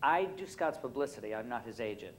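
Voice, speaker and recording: A man's voice: medium pitch, lively intonation, a little fast, a little hiss or hum, low-quality recording. Chatty man on a convention panel. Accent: faint New York. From Brooklyn, New York. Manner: rambling, many fillers and restarts, jokey. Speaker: panel guest. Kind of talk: convention panel Q&A, casual storytelling.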